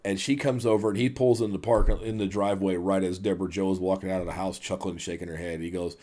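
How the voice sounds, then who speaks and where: Profane, animated male podcast host. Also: low-pitched, fast talker. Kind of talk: casual podcast chat.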